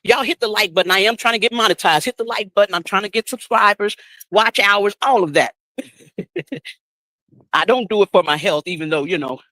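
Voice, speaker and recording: A woman's voice: mid-range voice, normal speed, fairly bright tone, no echo, poor audio. A woman chatting casually on a live stream, talking straight to her viewers and laughing often, first at a shop checkout and then at home.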